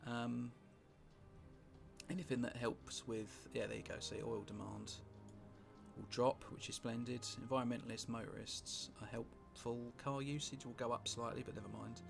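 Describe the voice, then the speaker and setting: A British man casually commentating on a strategy game he is playing, rambling and wry, with sweary asides and thinking out loud. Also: mid-range voice, flat delivery, moderate pace, vocal fry. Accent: British English. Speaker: gameplay commentator. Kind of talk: casual let's-play commentary. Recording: music playing underneath.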